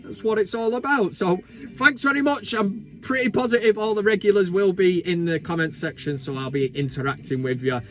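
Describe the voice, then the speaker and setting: A man's voice: sits high, a little fast, a bit bright. A man hosting a casual live football fan vlog from inside a van, joking and swearing as he rants. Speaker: football fan channel host.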